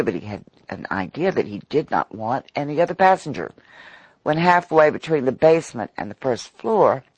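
A man narrating an old-fashioned story with dramatic expression. His delivery is unhurried and his pitch rises and falls a lot. The recording is dry and close to the mic. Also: breathy edge, no room sound. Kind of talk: audiobook narration.

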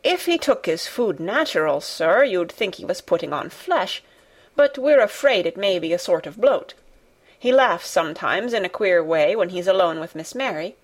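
A woman's voice: on the low side, expressive, moderate pace. A woman reading the part of a flustered, fussy middle-aged housekeeper who explains breathlessly to her master. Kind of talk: audiobook character reading.

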